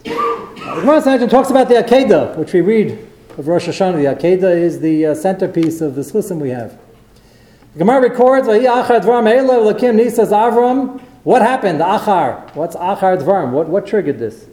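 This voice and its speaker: A man delivering a Torah lecture, telling stories with animated, acted-out quotes. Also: high-pitched, a little fast. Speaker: rabbi. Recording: roomy echo.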